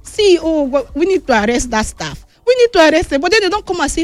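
A woman with a Nigerian Pidgin accent presenting a chatty sports news roundup, moving between excited and somber tones. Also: high voice, fast, hardly any pauses. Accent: Nigerian Pidgin English.

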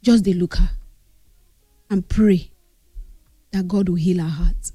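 A woman's voice: lowish voice, fairly even intonation, slow pace, warm tone, slightly rough, no echo, clean studio sound. A grieving woman with a Nigerian accent gives an earnest tribute, mixing English with Pidgin. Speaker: grieving friend giving a tribute. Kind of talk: emotional spoken tribute.

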